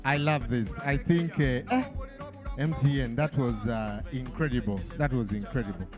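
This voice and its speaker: A man's voice: medium pitch, normal speed, music in the background. A man with a Ugandan accent moderating a live product launch in an event hall, hyping the crowd with call-and-response.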